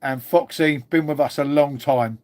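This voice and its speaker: A man chats loosely with viewers on a live stream. His voice sits a touch high for a man. He jokes, swears freely and calls everyone mate. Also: steady tone, moderate pace, a little mellow. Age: 50s.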